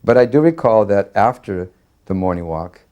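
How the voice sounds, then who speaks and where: A man earnestly recalling a personal memory, halting often with fillers and restarts. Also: fairly low pitch, animated, warm tone, lo-fi sound. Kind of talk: recorded personal reminiscence.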